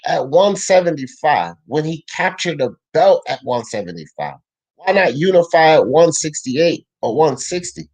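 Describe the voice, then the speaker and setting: A young man hosting a casual live boxing talk stream, reading the chat out loud, answering it, and arguing in slang. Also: on the high side, moderate pace, husky, rough recording. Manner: animated, slangy, argues with chat.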